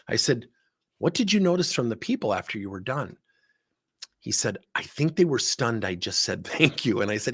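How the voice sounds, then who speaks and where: In a brisk, husky, mid-range voice, a man gives a leadership talk built around a story. He animates it by performing both sides of a conversation himself.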